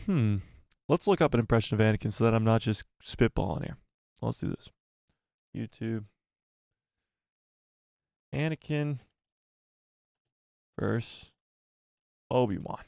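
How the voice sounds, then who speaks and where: A man hosting a casual live stream, talking in an excitable, exclamatory way and reading viewer donations. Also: fairly low pitch, a little slow, vocal fry, pauses often, dry recording, studio quality.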